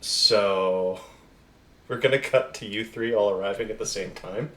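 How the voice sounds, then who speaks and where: A man's voice: on the low side, a little slow, a bit bright. Man narrating a tabletop game, echoey room. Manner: casual, laughing, loose narration. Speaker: game master.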